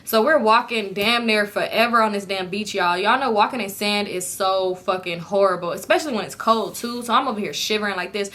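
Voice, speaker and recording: A young woman casually telling a storytime vlog, profane and animated, acting out what others said. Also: mid-range voice, a little fast, hardly any pauses. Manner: animated, profane, acts out quotes. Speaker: storytime vlogger.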